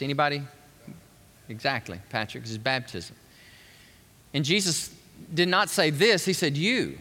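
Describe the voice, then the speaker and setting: A man preaching an emphatic, animated sermon to a live congregation, putting questions to the room. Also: mid-range voice. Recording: long reverb of a large hall.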